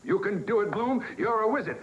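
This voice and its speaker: An actor playing a brash, scheming male Broadway producer who talks fast and persuades in a 1960s film comedy. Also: sits high, lively intonation, dull audio, background noise. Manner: fast-talking, persuasive, wheedling.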